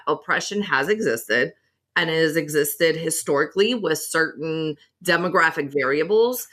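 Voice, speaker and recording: Emphatic woman co-host with a bright voice. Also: lowish voice. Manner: emphatic, animated storytelling. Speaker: podcast co-host. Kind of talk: casual conversation.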